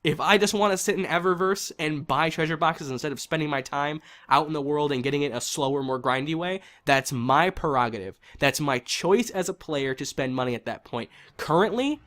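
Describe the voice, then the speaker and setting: A man's voice: on the high side, a little fast, hardly any pauses, fairly bright tone. A man giving a heated, frustrated opinion rant on a video game, swearing and repeating himself for emphasis. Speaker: gaming commentator.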